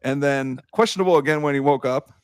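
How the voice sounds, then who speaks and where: An excitable young man hosts a casual sports chat, laughing often and swearing freely. His voice sits in an ordinary middle pitch. The sound is dry and close, with no room around it. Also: brisk, clean tone, no echo. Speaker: podcast host.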